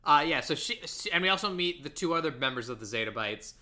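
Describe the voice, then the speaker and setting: Young woman cohosting a movie podcast, super bright voice, loose chatty recap. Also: low-pitched, expressive, fast talker. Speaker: podcast co-host. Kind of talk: casual chat recapping a movie.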